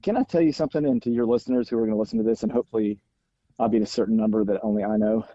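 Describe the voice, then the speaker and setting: A man's voice: fairly low pitch, steady tone, rapid-fire, dark tone, no echo, dull audio. A man with a Southern American accent, a podcast guest talking enthusiastically and joking over a call. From Alabama, United States. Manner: enthusiastic, joking, interrupts with teasing bursts. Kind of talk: casual podcast chat. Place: outdoors on a walk, then at home.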